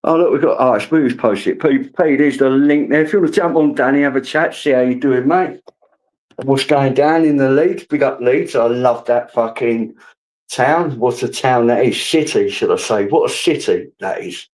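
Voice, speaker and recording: A man's voice: medium pitch, normal speed, darkish tone, poor audio. A middle-aged man hosting a casual livestream, greeting viewers by name and swearing freely. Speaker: livestream host.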